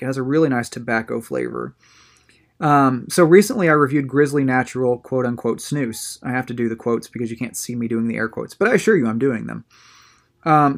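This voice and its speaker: A man with an ordinary, mid-pitched voice hosts his own video show in a relaxed, chatty monologue. He sounds upbeat and eager and often stumbles and repeats words as he talks. The delivery is casual and unscripted. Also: vocal fry. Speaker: host of a tobacco review show.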